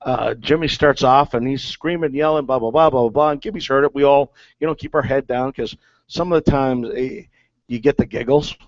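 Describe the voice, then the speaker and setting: A man's voice: medium pitch, a little fast, no echo. Rambling man telling clubhouse stories. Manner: rambling, filler-heavy with many "okay"s. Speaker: former ballplayer guest. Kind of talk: casual storytelling. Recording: dull lo-fi sound.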